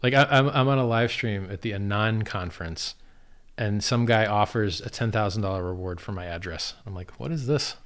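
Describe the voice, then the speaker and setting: A man's voice: on the low side, moderate pace, fairly bright tone, smooth. Blunt, profane man chatting on a livestream. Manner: blunt, profane, laughs at absurdity. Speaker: livestream guest and crypto founder. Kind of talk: casual livestream chat.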